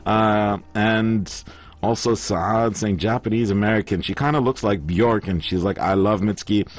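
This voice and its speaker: Low-voiced man hosting a casual chat. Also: unhurried. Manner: jokey, reads out listener comments. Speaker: radio show host reading listener messages. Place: broadcast studio in Asia.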